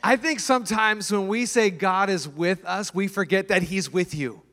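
Male pastor, high voice, storytelling sermon with acted-out bits, long church reverb. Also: moderate pace, fairly bright tone. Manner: storytelling, acts out voices and screams.

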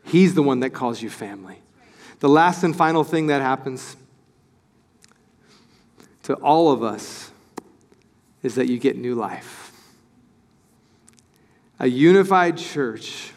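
A male pastor preaching a sermon in an animated, excited way, acting out the voices he quotes. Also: medium pitch, takes it slowly, long pauses, big-room sound.

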